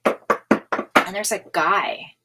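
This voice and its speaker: A woman's voice: medium pitch, drawn-out words, heavy background noise. A woman giving a live tarot reading, talking casually with lots of fillers, frequent laughs and a bit of swearing. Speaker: tarot reader. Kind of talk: live-stream psychic reading.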